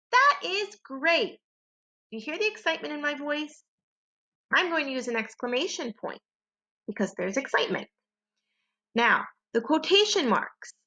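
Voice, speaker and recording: Woman, primary teacher reading slowly to small kids, bright animated delivery, dull lo-fi home recording. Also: fairly high pitch. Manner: slow, clear, exaggerated sentence modeling for young kids. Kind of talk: children's phonics lesson.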